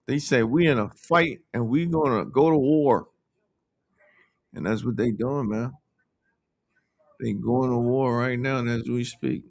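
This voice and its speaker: A man coaching day trading as he trades live, talking in a chatty, animated way and speaking to the market out loud. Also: mid-range voice, unhurried, pauses often, no echo.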